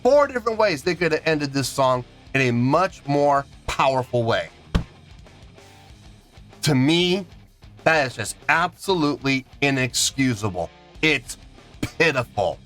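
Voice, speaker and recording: A man's voice: medium pitch, very animated, a little slow, pauses often, a bit bright, faint music behind. A man reviewing a song in an emphatic, indignant rant, counting out beats aloud. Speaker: music reaction reviewer.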